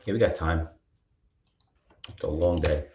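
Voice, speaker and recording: A man co-hosting a trading show, telling rambling, animated stories in casual chat. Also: very deep voice, measured pace. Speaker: co-host. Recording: roomy, dull-sounding mic.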